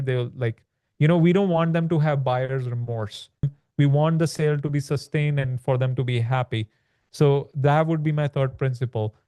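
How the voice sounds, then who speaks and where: A man's voice: mid-range voice, warm tone, smooth, dry recording. A man, a guest entrepreneur, explaining his sales principles in a casual interview, talking loosely with fillers and restarts. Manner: conversational, many fillers and restarts.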